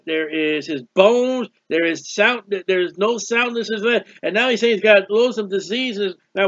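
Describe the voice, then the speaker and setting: High bright-voiced male preacher. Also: dry recording, lo-fi sound. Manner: expressive Bible reading with commentary, stretches words. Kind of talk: sermon.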